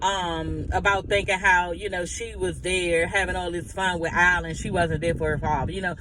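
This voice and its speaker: A reality TV recap commentator with a strikingly high voice gossips about the latest drama, sassy and blunt, with plenty of profanity and dramatic asides. The recording is noisy, with city sounds and passing vehicles clearly audible behind him.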